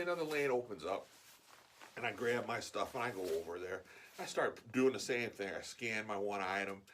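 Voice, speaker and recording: A man's voice: fairly low pitch, a little hiss or hum. A man casually telling an anecdote in a chatty way, acting out the dialogue as he goes. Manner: animated, chatty, full of "like" and acted-out quotes. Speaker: guest storyteller.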